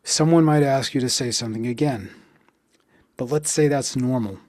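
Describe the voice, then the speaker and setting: A man with a medium-pitched, slightly mellow, dry voice teaches pronunciation with slow practice drills. He's deliberate, spelling out stress beats slowly as he counts them, with no echo in the recording.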